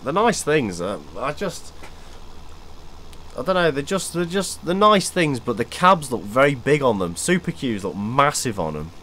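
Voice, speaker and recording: A man's voice: medium pitch, big pitch swings, moderate pace, a bit bright, slight background noise, poor audio. A young man chatting casually with friends over voice chat, rambling and swearing freely. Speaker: gamer hosting voice chat.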